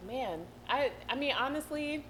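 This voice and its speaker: A woman's voice: high-pitched, a little slow, fairly bright tone, slight background noise, poor audio. A woman from Atlanta with a mild Atlanta accent, hosting an interview in a chatty, giggly, affirming way. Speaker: host. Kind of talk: casual interview talk.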